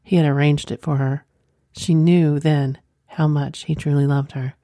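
A woman narrating an erotic story in a soft, sensual manner. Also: low-pitched, fairly even intonation, unhurried, dry recording, clean studio sound.

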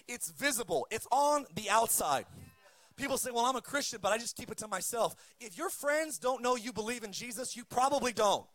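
A man preaching a sermon, calling for amens and punching his points with shouted peaks. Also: very high-pitched, expressive, a little fast. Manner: emphatic preaching with amen calls and shouted peaks. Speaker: pastor.

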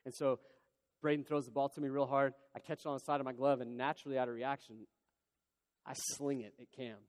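A man preaching a sermon in a large church hall, telling a personal story in an animated, conversational way. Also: medium pitch, a little fast. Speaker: pastor. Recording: long hall reverb.

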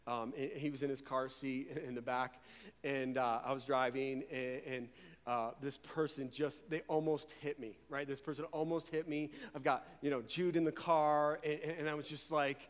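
A man preaching a sermon as pastor, talking in an animated, conversational way and often repeating words as he goes. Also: mid-range voice, normal speed. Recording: long reverb of a large hall.

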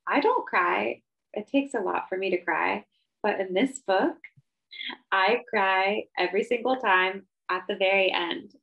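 A woman co-hosting a casual book-discussion podcast, talking in an animated, emphatic way that climbs sharply when she gets worked up. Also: medium pitch, measured pace, gravelly, dull audio. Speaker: podcast co-host.

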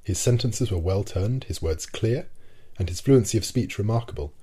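Deep-voiced, husky male narrator. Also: lively intonation, moderate pace, dark tone. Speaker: audiobook narrator. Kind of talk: scripted narration of a classic novel.

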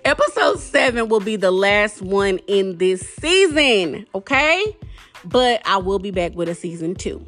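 A woman's voice: mid-range voice, expressive, a little slow, a bit bright, faint music behind. A woman hosting a self-love podcast, talking in a sassy, direct way and calling listeners baby and girl. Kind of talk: casual podcast talk with affirmations.

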